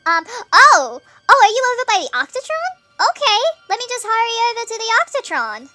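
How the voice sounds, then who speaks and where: A woman giving chatty gameplay commentary, thinking aloud with fillers, her voice sped up and pitch-shifted nightcore-style. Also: sing-song, moderate pace, pushed and bright, soft background music. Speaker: gameplay streamer.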